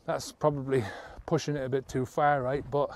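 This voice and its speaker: With a mid-range, flat delivery at normal speed, this man sounds a little mellow, and there's slight hiss or hum. Talking to camera as a sobriety coach, he bluntly and earnestly coaches people to stop drinking, swearing offhandedly and asking "right?" now and then.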